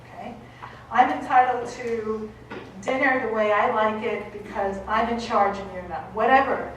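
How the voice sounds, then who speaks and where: Boston lady giving a talk, a bit high, echoey hall, off mic. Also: steady tone, moderate pace, a bit bright, recorded from a distance, slight background noise. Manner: emphatic, checks in with "okay?". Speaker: conference speaker. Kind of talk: lecture. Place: conference hall.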